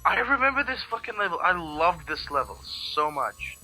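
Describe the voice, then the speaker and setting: A man's voice: sits high, very animated, moderate pace, sharp tone, soft background music, low-quality recording. A man co-hosting a let's play, chatting casually in rambling sentences full of restarts and swearing. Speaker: let's play co-host watching. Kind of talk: casual gaming chat.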